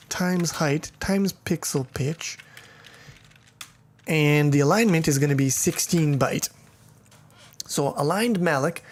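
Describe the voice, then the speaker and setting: Irreverent, joking man teaching code. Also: a little high. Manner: irreverent, joking, profane asides; thinks aloud with fillers and restarts. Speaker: programming teacher. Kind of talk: casual coding tutorial.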